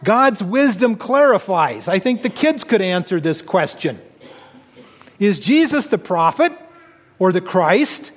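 A man's voice: high-pitched, very animated, unhurried, long reverb tail. A man preaching a sermon, reading scripture aloud and explaining it earnestly. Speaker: pastor.

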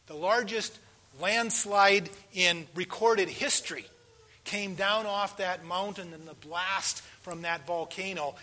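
A man in his sixties preaching a sermon, asking the congregation questions and swinging between hushed pauses and loud emphasis. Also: sits high.

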